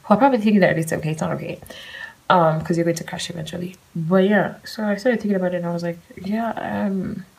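A woman's voice: on the low side, fairly even intonation, racing, gravelly, slightly rough, rough recording. A young woman hosting a solo podcast, talking candidly and rambling, swearing casually as she shares her thoughts. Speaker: podcast host.

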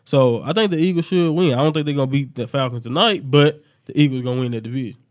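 A man giving confident, animated sports picks in a casual group chat. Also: mid-range voice. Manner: confident, animated, quick-talking. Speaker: sports pundit.

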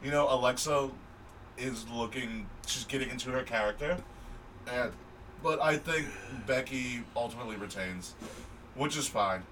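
A man's voice: medium pitch, normal speed, fairly bright tone. Laid-back guy chatting on a podcast, mid voice, bit far from the mic w faint hiss. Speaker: podcast co-host. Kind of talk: casual chat.

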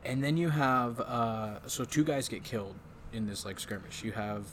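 A man hosting a casual podcast recaps a film, rambling and swearing as he goes. He mimics lines from it in put-on voices. His voice is medium-pitched at normal speed, with a little hiss or hum.

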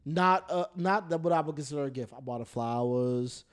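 High-voiced playful man. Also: a little fast. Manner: playful, teasing, acts out quotes. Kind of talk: casual chat among friends.

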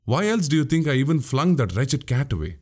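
A man's voice: mid-range voice, sing-song, brisk. A man voicing a witty, boastful young male warrior in an audiobook, speaking grandly. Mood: weary. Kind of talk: audiobook character voice.

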